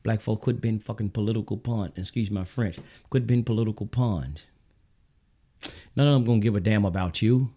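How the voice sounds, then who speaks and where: A man's voice: on the low side, moderate pace, warm tone. A man with a Southern US accent hosting his own show, giving a blunt, preachy political monologue straight to his viewers. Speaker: show host.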